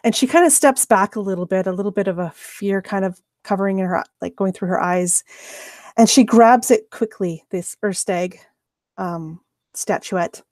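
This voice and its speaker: A woman running a tabletop game as game master, narrating scenes in a measured, descriptive way. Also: medium pitch, darkish tone, dry recording, clean studio sound.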